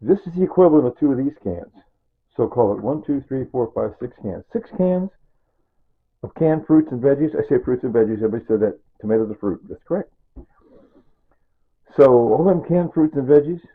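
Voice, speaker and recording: A man's voice: mid-range voice, animated, fairly quick, breathy edge. A man in his sixties, chatting casually while he cooks a stew, rambling through asides and chuckling at his own jokes. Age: 60s. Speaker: home cooking vlogger. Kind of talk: casual cooking demonstration. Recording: tinny, phone-like sound.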